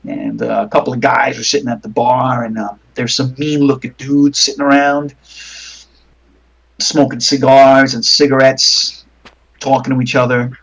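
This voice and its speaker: A man's voice: medium pitch, level tone, normal speed, vocal fry, fairly bright tone, slightly rough, poor audio. A man narrating a tabletop game as game master, rambling with many fillers.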